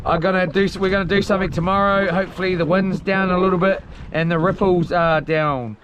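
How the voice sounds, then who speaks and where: A man's voice: sits high, steady tone, fairly quick, noisy background. A young man with a New Zealand accent chatting casually on a live stream from a small boat at sea. He reads out viewer comments in a laid-back, slangy, rambling way with plenty of fillers. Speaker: livestreamer.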